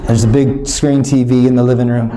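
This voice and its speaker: A middle-aged man doing stand-up storytelling, animated and acting out scenes with big swings in his voice. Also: medium pitch, brisk, crowd noise. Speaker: stand-up comedian.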